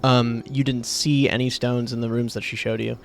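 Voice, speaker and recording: A man's voice: medium pitch, level tone, normal speed, vocal fry, slight background noise. A man narrating as game master, hesitant and filling with "like" and "um". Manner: hesitant, full of "like" and "um".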